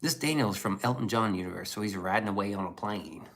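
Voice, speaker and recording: A man's voice: on the low side, fast talker, a bit bright. Profane casual male streamer. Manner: loose and profane, riffs on chat messages. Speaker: livestreamer reading chat.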